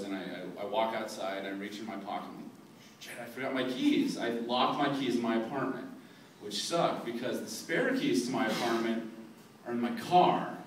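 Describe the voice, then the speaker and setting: Rambling self-deprecating male stand-up comic. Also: mid-range voice. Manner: rambling, self-deprecating, many fillers and restarts. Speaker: stand-up comedian. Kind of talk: stand-up comedy set. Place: comedy club stage. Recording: echoey club room, from far off, with audience laughter. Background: crowd laughing.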